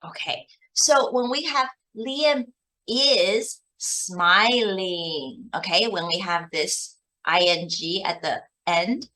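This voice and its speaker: This is a woman tutoring a young pupil in English, and she takes her time over every word. Her questions come at a very unhurried pace, patient and deliberate, in an ordinary mid-range voice. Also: mid-range voice, bright, forceful tone. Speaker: English teacher. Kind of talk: one-on-one tutoring of a child.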